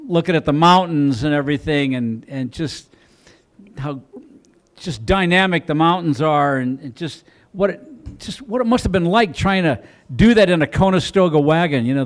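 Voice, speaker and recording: Man, stand-up comic, slightly high-pitched, rambling, restarts a lot, club stage mic. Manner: rambling, self-deprecating delivery with frequent restarts. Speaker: stand-up comedian. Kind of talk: stand-up comedy set.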